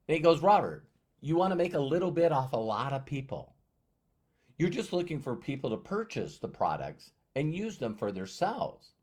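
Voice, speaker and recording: A man's mid-range voice has a slightly rough edge as he relates a personal story in a motivational talk. He acts out each side of a conversation in an animated way.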